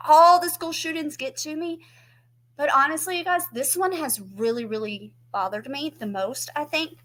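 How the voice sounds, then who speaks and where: A woman's voice: sits high, fairly bright tone, a little hiss or hum. A woman, chatting casually to camera as a true crime YouTube host and telling stories. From Southern United States. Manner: chatty storyteller, acts out quoted voices.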